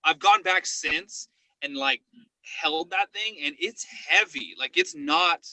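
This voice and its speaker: A man guesting on a podcast as a paranormal investigator, telling stories in a casual chat and acting out quotes in an excited high voice. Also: takes it slowly, gravelly, no room sound, rough recording.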